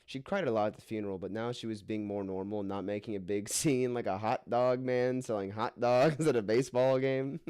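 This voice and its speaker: A man's voice: on the low side, a little fast, hardly any pauses, a little mellow, clean tone, dry recording, studio quality. A man reading an absurd fan fiction aloud for laughs, hamming up the quoted lines and often cracking up. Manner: hammy voices for quoted lines, breaks into laughter. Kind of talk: comedic dramatic reading.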